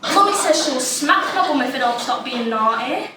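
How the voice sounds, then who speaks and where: A woman's voice: high-pitched, animated, moderate pace, heavy background noise. A woman playing an imaginative, chatty young child, delivering a dramatic monologue, childlike and plain-spoken. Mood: playful. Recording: roomy echo, distant mic, faint ambience.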